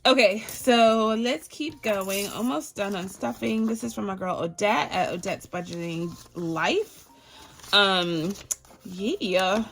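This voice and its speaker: A woman's voice: mid-range voice, slow, a bit bright, slight background noise. A woman from Barbados chatting casually to her viewers while sorting and counting cash for her budget. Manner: chatty and playful, addresses viewers as y'all. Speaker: budgeting vlogger.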